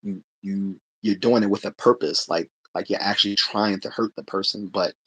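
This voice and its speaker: A man's voice: lowish voice, fairly even intonation, moderate pace, a bit bright, breathy edge, no room sound. A man hosting a casual livestream, reading chat comments aloud and answering them in a conversational way, laughing often and restarting his sentences.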